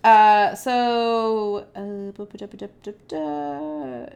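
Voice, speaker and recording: A podcast co-host with a mid-range, slightly mellow voice and lively intonation takes her time recounting a true-crime case in a chatty way. Her speech is full of "like" and "um," and when she reads text messages aloud she prefaces them with "she goes."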